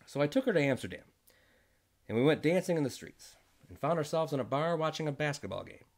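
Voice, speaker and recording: Animated man telling a jokey story. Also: fairly high pitch. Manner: jokey storytelling with quick voice switches. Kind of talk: comic first-person story read aloud.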